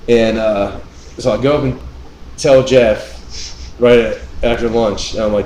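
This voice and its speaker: A man co-hosting a podcast, telling a story in casual chat with animated, profane ranting. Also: mid-range voice, measured pace, slight background noise. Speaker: podcast co-host. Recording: roomy room sound.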